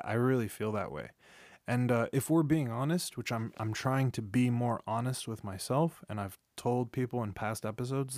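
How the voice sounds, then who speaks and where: A man's voice: mid-range voice, darkish tone, no echo, clean studio sound. A man in his thirties hosting a solo podcast, rambling and confessional, swearing often and restarting his sentences, tired and yawning. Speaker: podcast host. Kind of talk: candid solo podcast monologue. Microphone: studio microphone.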